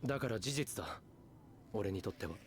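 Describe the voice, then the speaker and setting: A man's voice: on the low side, animated, rapid-fire, slight background noise, close to an everyday voice. An actor playing an intense young male scientist who makes earnest, insistent declarations of love in anime dialogue. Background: anime soundtrack music.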